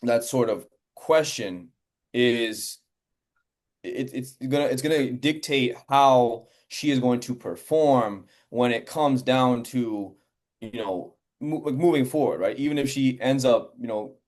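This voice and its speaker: A man's voice: medium pitch, measured pace, darkish tone. Casual male interview host. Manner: casual, filler-heavy, says "man" and "like" a lot. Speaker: podcast host. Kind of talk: interview conversation.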